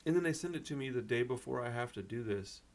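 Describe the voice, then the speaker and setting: A man's voice: mid-range voice, expressive, quick pace. A man hosting a punk rock channel, upset and venting in a rambling, casual way that is full of "dude" and "bro.".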